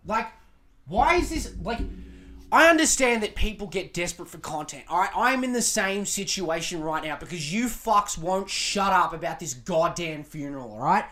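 A man's voice: high voice, lively intonation, normal speed, sharp tone. A man with an Australian accent hosting a podcast, delivering a crude, sarcastic rant full of swearing. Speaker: podcast host. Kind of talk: profane ranting commentary.

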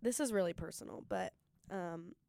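A young woman hosting a solo podcast, giving an earnest, excited pep talk and talking fast. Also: fairly low pitch, creaky, smooth. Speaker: podcast host.

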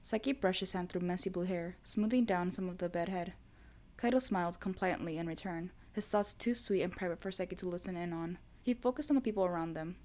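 A woman narrating a fan story in a steady storytelling manner. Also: on the low side. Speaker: podfic reader. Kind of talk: scripted narration.

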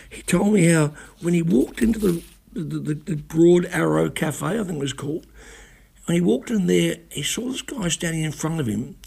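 Man, broadcaster, very gravelly, husky, rambling blunt storyteller. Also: a little high, darkish tone. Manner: rambling, self-correcting storyteller with blunt swearing. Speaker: radio broadcaster. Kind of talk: casual spoken recollection.

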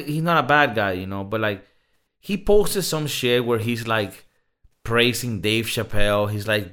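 Animated man ranting on a podcast. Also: mid-range voice. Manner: animated storyteller, mimics people, swears freely. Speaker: podcast co-host. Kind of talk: casual podcast banter.

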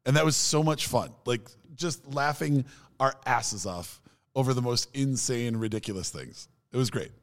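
A man's voice: medium pitch, moderate pace. A man co-hosting a podcast, telling stories in casual chat with enthusiasm. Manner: enthusiastic storyteller, animated. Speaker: podcast co-host.

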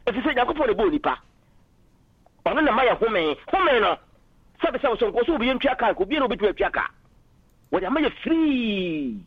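High-voiced fast man on phone. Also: big pitch swings, husky, no echo, lo-fi sound. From Ghana. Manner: passionate, argumentative, mixes in English phrases. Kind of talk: political call-in talk.

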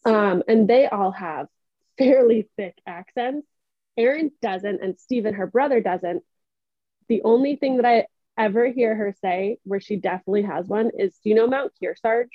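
A woman's voice: mid-range voice, moderate pace, no echo. A young woman with a New Hampshire accent chats and tells stories on a podcast, laughing easily. Her voice comes through somewhat muffled and close, with no room sound. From New England. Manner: chatty storyteller, laughs often. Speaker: podcast co-host. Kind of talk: casual chat.

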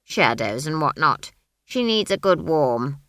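A stern old village witch, as a woman reader puts her on, blunt and brisk, with a rustic turn of phrase. She speaks a little louder than the narration, in a lowish, dry voice with little room around it. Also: sing-song, dry recording, heavily acted.

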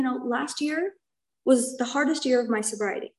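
A middle-aged woman sharing her own story as a recovery meeting speaker. Her voice sits a little high, and her delivery is earnest and conversational, often checking in with a quick "right?". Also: a little mellow, rough recording. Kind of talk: personal testimony.

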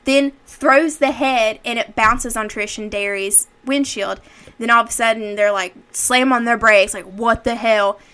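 A woman with a bright, forceful tone chats through a horror film plot in a relaxed podcast setting. She talks in a loose, filler-heavy way and slips into acted-out quotes from the characters. Her voice sits a little on the high side. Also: measured pace, clear, resonant tone. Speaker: podcast co-host. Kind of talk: casual movie recap chat.

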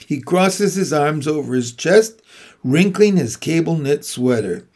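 A man reading a children's novel aloud in a steady, unhurried way. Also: on the high side. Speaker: reader.

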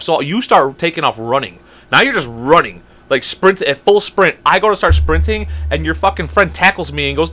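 Podcast co-host, young man, quick, sharp-toned and animated, profane storyteller. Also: fairly high pitch. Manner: animated, profane, acts out quotes. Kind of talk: casual chat, storytelling.

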